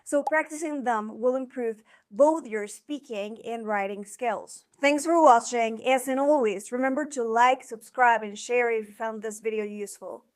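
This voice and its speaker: Clear, encouraging woman teaching a lesson. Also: a little high. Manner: slows down to sound out example words syllable by syllable; clear, encouraging instructional delivery. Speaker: Spanish teacher. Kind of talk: scripted video lesson.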